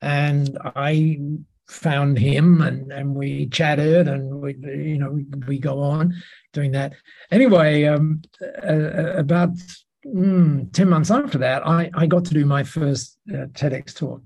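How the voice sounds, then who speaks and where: A man as a podcast guest telling lively anecdotes in a casual interview, with many restarts. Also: on the high side, takes it slowly, vocal fry.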